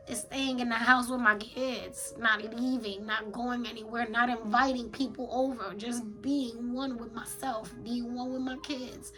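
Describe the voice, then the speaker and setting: A woman talks in a raw confessional voice journal. She is blunt and slangy, swears heavily, and her pitch sits in a middle range. Music plays clearly behind her. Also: low-quality recording. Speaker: vlogger.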